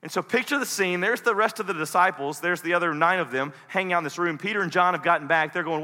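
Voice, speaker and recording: Male pastor, animated storyteller, tenor range, reverberant hall. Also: on the high side, very fast, few pauses. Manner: animated storyteller, switching between voices. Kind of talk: sermon with dramatic retelling.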